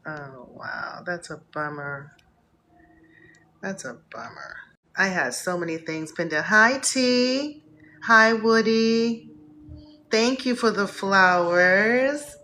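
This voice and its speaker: A woman from Northeast Ohio hosting a live stream, warmly greeting viewers by name in an effusive, upbeat way. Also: medium pitch, takes it slowly, long pauses, slight background noise. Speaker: host.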